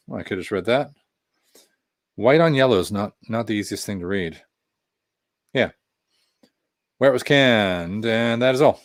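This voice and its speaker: A man's voice: medium pitch, dry recording, studio quality. A man casually reviewing a craft beer on a live stream, chatting in a rambling way with self-deprecating asides while reading viewer comments.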